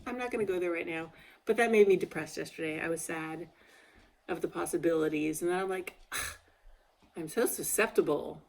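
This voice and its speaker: A woman's voice: fairly low pitch, a little fast, vocal fry, a little mellow. A woman talking candidly in a personal video diary, emotional and a little tearful, rambling as she goes. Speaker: video diarist. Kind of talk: casual personal vlog.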